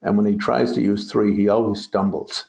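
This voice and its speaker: A man's voice: lowish voice, little pitch movement, moderate pace, gravelly, darkish tone. A man teaching as a Buddhist teacher in a dharma talk, digressive and full of joking asides. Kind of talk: dharma talk on a translated poem. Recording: roomy, dull lo-fi recording.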